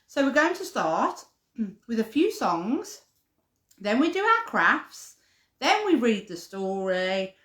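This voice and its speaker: A woman leading a live-streamed toddler playgroup, talking in a chatty, sing-song way to little ones and their parents. Her voice sits high and swoops widely, and she takes her time. The recording has an echoey room sound. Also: very animated, takes it slowly, fairly bright tone. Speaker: playgroup leader.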